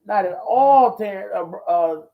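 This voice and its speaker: A man hosting a ministry talk show, talking in a folksy, preachy way, repeating himself and whooping with excitement. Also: sits high, unhurried, gravelly. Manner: exclamatory and repetitive, whooping with excitement. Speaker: host. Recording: dull lo-fi audio.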